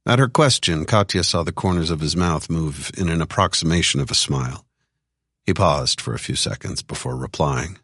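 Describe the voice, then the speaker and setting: Very deep-voiced male audiobook narrator. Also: expressive, normal speed, fairly bright tone, slightly rough, no echo, studio quality. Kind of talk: scripted narration.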